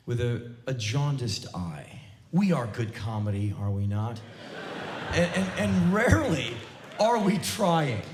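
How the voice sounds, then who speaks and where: Man, 40s, sardonic live spoken word monologue, lively pitch, roomy theater. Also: a little hiss or hum. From United States. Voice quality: sardonic, emphatic. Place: large theater stage before an audience.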